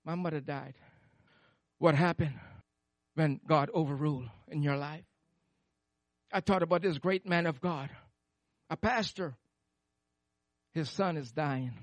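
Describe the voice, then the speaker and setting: A man preaching a sermon into a handheld microphone, moving between fervent shouted praise and hushed storytelling. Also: a little high, a little slow, long pauses, no echo.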